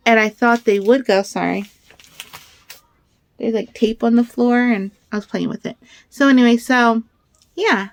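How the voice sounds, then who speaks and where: A woman in her thirties rambles through a casual crafting vlog, her voice sitting a little high. She gets excitable and animated as she tells her stories. The sound is close and dry, with no room echo. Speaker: crafter vlogger.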